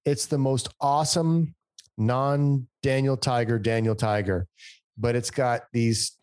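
A man's voice: mid-range voice, fairly even intonation, slow, darkish tone, clean tone, no echo. A man from the United States co-hosting a podcast, talking eagerly and swearing freely in casual chat. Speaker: podcast co-host.

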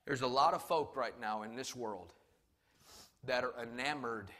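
A middle-aged male pastor preaching a sermon. He tells stories with emphasis, swinging from shouts down to hushed asides. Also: medium pitch, measured pace.

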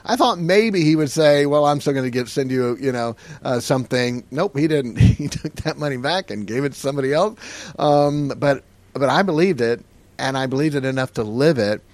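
A middle-aged man, a pastor, telling stories on a podcast and acting out the dialogue with a lively, laughing delivery. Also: mid-range voice, normal speed. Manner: animated storyteller who acts out dialogue and laughs often.

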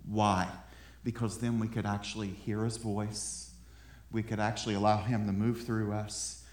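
A man's voice: fairly low pitch, little pitch movement, moderate pace, a little mellow, echoey room. A man preaching a sermon in a conversational way, often repeating words as he builds a point. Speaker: pastor. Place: room with an audience.

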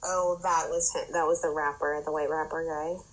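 A woman guest on a podcast, chatting casually and agreeably, quick to chime in. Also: sits low, level tone, rough recording. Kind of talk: casual chat.

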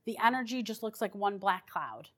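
A woman's voice: mid-range voice, animated, moderate pace, a bit bright. A woman paranormal investigator telling her stories in a chatty, rambling way, with restarts and fillers. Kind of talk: casual storytelling.

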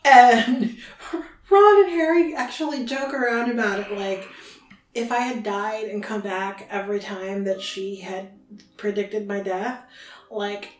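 A woman hosting a podcast, casually retelling a book chapter in chatty, animated fashion. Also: mid-range voice, unhurried. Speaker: podcast host. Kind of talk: casual book recap chat. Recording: roomy, distant from mic.

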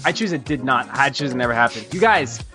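A man hosting a casual gaming podcast, excitable, swearing and laughing often. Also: medium pitch, quick pace, over music. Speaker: podcast host.

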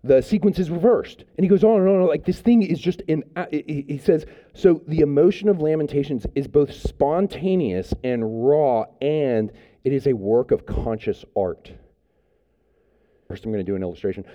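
A man's voice: medium pitch, warm tone, dull audio. Conversational male pastor preaching a sermon. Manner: conversational, with many fillers and restarts.

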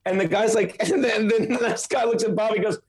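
A man's voice: high-pitched, steady tone, quick pace, darkish tone. A man hosting a podcast, ranting emphatically and with lots of profanity in casual chat. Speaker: podcast host.

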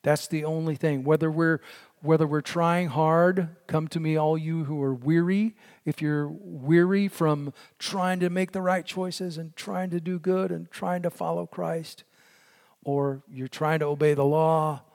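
A man delivers a sermon at an unhurried, deliberate pace, earnest and steady. His voice sits a bit higher than most men's and often sinks to a near hush for emphasis. A long hall reverb trails behind every phrase. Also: gravelly. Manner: slow, earnest preaching that drops to a hush on key lines. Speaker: pastor.

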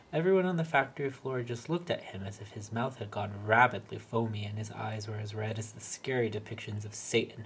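A man reading a short story aloud in a wry, deadpan way. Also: lowish voice, husky. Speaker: reader.

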